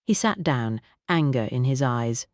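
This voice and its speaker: Low-voiced woman reading an audiobook. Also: animated, a little slow, a little mellow, no room sound, clean studio sound. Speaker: audiobook narrator. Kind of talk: audiobook narration of a mystery novel.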